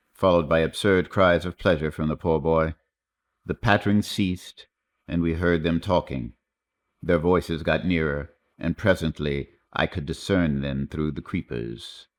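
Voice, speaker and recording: A male audiobook narrator reads a classic tale in a measured, literary way. His voice is very low and deep. The delivery is steady and scripted.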